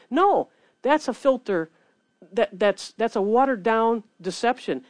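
A woman preaching a sermon in an earnest, animated way, reading scripture between her points. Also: on the high side, moderate pace, no echo.

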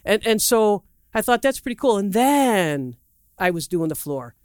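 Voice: medium pitch, big pitch swings, a little slow, darkish tone, dry recording, studio quality. A preacher giving a sermon in a loose, rambling way, acting out quotes with big swings in the voice and asking the audience questions. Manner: asks the audience questions directly; loose, rambling delivery with restarts and asides.

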